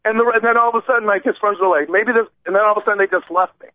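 A man calling in to a radio show and telling an animated, rambling story, acting out the voices of the people in it. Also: sits high, rapid-fire, dry recording. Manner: excited, acts out quoted voices, rambling. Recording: tinny phone line, dry.

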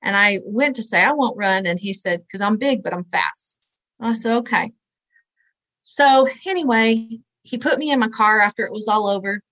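A woman's voice: medium pitch, normal speed, a bit bright, dry recording, rough recording. A woman in her forties, a guest in an interview, tells a personal story in an earnest, conversational way and acts out the voices she quotes. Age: 40s.

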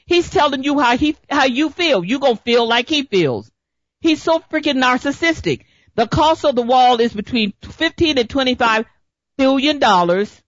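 A woman's voice: fairly high pitch, a bit bright, no echo. A woman hosting a political talk radio show, speaking emphatically, repeating her points and firing off rhetorical questions. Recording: dull lo-fi dry recording.

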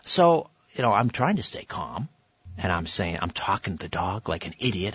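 A man's voice: sits low, big pitch swings, moderate pace, fairly bright tone, slightly rough, no echo, muffled recording. A man hosting a radio talk show, telling a story in a chatty way with many fillers and restarts. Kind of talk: conversational radio monologue and interview. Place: radio studio.

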